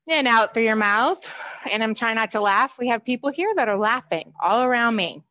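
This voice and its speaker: A woman's voice: fairly high pitch, lively intonation, normal speed, bright, forceful tone, low-quality recording. A woman, leading a seniors' exercise class over a video call, upbeat and counting reps aloud. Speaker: fitness instructor.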